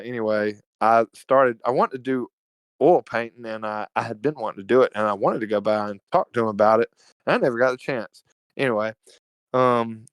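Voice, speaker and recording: On a rough recording with no room sound, a medium-pitched man with a clean tone swaps casual stories as a podcast guest. He hails from Evergreen, Alabama, and his Southern-accented talk is laid-back, slangy, profane and full of jokes.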